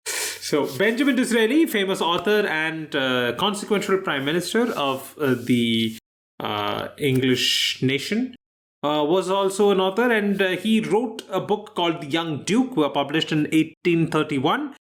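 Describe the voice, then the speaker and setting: A man co-hosting a quiz podcast in casual chat, explaining answers with dry, teasing humor and thoughtful pauses. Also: fairly high pitch, animated, fairly bright tone. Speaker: quizmaster co-host.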